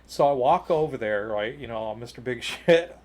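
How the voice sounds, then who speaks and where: A man co-hosting a podcast, telling a long personal story in casual chat, full of "you know" and "like", rising higher and louder at the exciting parts. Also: normal speed, over a noisy crowd. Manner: jumps higher and louder when retelling excited moments. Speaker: podcast co-host.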